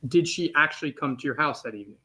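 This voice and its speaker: Man, attorney in court, fairly high voice, brief measured questions. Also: expressive, bright, forceful tone. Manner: short, plain, measured questions. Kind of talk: courtroom examination.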